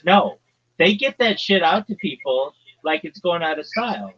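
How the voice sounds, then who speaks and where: A man from New Jersey, hosting a livestream and ranting crudely in a loud, brash, profane comedic tone. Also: on the high side, sing-song, moderate pace, breathy edge, muffled recording. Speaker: livestream host.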